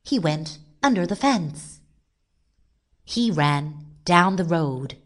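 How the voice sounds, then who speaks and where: Slow, sing-song woman reading a children's story. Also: lowish voice, very animated. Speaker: storybook reader.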